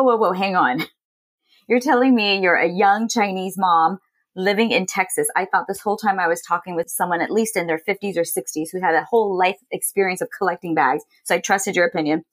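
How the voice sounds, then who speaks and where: A woman from Los Angeles, telling stories in a casual interview, acting out what others said. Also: lowish voice. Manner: animated, quotes others in lively voices. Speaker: guest, entrepreneur.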